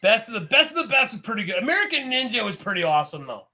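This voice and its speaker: A man from Canada with a high, bright voice that swings widely as he rambles through a casual podcast chat. He laughs often and talks in an animated, easygoing way. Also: racing. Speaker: podcast co-host.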